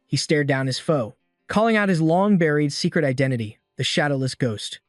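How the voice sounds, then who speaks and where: Male narrator, scripted story recap, slightly high voice, dry close sound. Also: a little fast, no echo, faint music behind.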